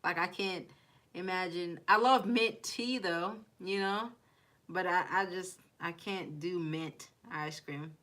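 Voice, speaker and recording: A woman's voice: fairly low pitch, slow, a bit bright. A young woman with a mixed Haitian and Kentucky accent chatting casually on a live stream, rambling, reading viewer comments aloud and laughing often. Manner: laughs often, giggly asides.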